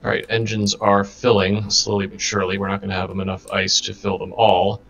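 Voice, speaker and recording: Guy with a low gravelly voice, chill, explaining what he's doing in the game. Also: brisk. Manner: relaxed, practical, talks through game tasks. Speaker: co-player. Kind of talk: casual chat while playing a game.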